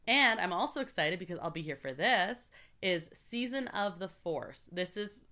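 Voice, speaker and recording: An upbeat woman from Canada co-hosts a casual podcast, reading out event dates and announcements. Her voice sits on the low side for a woman. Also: lively intonation, normal speed, bright, forceful tone. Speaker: podcast co-host. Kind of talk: casual chat.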